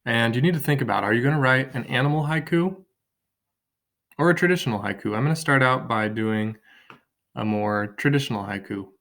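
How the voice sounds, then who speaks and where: A man's voice: medium pitch, brisk, a bit bright. Man teaching a haiku lesson from home. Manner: thinking aloud, counting syllables. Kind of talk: online writing lesson. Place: home kitchen table.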